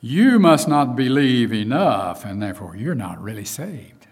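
A man voicing a sly devil who whispers doubts, low, hushed and mocking. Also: very animated, unhurried, slightly rough, in a large hall. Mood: taunting.

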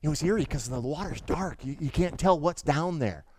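A middle-aged man preaching in a high, bright voice. He tells his story eagerly and trips over repeated words as he speeds up. He keeps turning to the congregation with questions. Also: moderate pace. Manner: animated storytelling with stammered restarts; asks the audience questions. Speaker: pastor. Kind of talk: sermon.

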